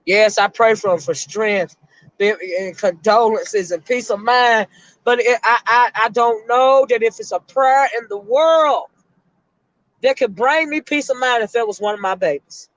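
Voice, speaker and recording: A middle-aged woman, a retired school counselor, hosting an emotional live-stream chat and speaking haltingly to her viewers. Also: fairly high pitch, no echo, lo-fi sound. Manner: emotional, halting, repeats words while talking to her chat.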